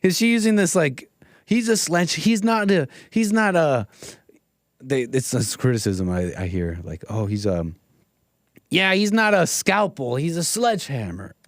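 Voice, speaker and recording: A man's voice: fairly high pitch, lively intonation, a little slow, no echo, studio quality. A man hosting a solo livestream, talking over a played clip with sarcastic, mocking commentary into a desk mic. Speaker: livestream host. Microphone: desk mic, streaming solo.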